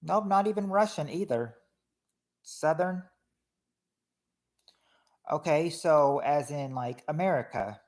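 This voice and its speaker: Guy hosting a game night stream, kinda high voice, rambly, keeps restarting sentences. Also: slow, pauses often. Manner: chatty, reads chat names, hesitant restarts. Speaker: game show host. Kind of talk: casual livestream game hosting.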